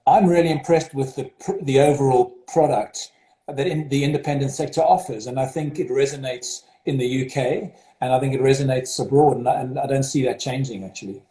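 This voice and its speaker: A man's voice: medium pitch, warm tone. A man from South Africa with a South African accent, a headmaster talking in an interview, hesitant with many fillers and restarts. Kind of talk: interview over video call. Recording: roomy echo.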